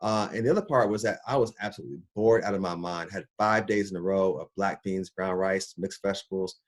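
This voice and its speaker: A middle-aged man, a doctor, telling his own health story in a casual, animated way, acting out his reactions. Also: fairly quick. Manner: animated, acts out his own reactions with big pitch jumps. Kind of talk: personal storytelling talk.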